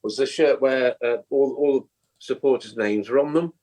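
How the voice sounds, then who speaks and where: A man on a casual football podcast, jokey and excitable in the banter. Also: medium pitch, normal speed. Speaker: podcast regular.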